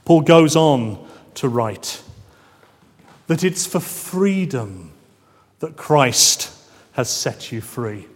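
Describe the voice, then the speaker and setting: A man preaching a sermon, measured and emphatic, drawing out key phrases. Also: mid-range voice, lively intonation, big-room sound. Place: church.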